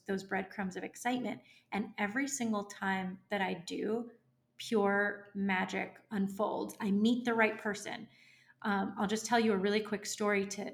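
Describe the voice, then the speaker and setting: A woman entrepreneur appearing as an interview guest tells a story with lively animation, acting out her own inner voice. Her pitch sits in the medium range.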